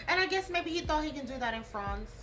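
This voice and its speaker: A woman's voice: sits high, expressive, fast talker. A young woman vlogging casually while doing her makeup, blunt and profane, full of slang and "like". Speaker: beauty and gossip vlogger.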